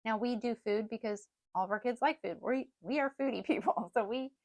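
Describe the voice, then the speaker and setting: Middle-aged woman cohosting a parenting podcast, earnest and explainy, voice a bit on the high side. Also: fairly quick. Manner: earnest, explanatory, laughs lightly. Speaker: podcast co-host. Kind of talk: casual parenting podcast chat.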